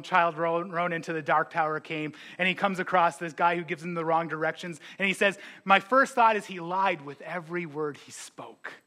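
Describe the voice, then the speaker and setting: A man preaching as a pastor, animated, with joking asides and quick impressions of his congregants. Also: fairly high pitch. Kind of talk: sermon.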